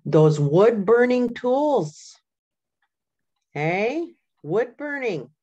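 A woman's voice: medium pitch, muffled recording. An older woman from Canada, an elder giving an informal teaching talk in a storytelling way, often checking in with "right?" and "you know". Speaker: community elder.

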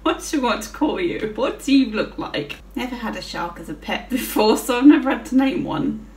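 A woman's voice: fairly high pitch, animated, moderate pace, darkish tone, recorded from a distance. A woman giving casual gameplay commentary, swearing freely and giggling often as she plays. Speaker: gaming channel host. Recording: roomy with faint music.

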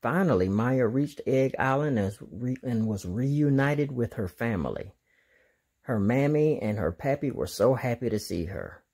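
A man reads a children's picture book aloud in an expressive storytime manner. His voice is slightly husky with a mid pitch, and his intonation rises and falls lively. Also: measured pace. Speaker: storytime reader.

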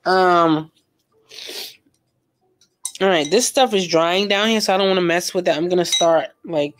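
A young art vlogger with a lowish voice speaks at a measured pace, pausing often as she paints live and gossips casually. She uses plenty of slang, laughs a lot, and tells stories animatedly.

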